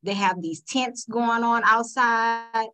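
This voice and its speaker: A woman on a podcast panel, telling animated stories and acting out customers' lines. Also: a little high, slow, poor audio. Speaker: panel guest. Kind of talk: casual podcast discussion.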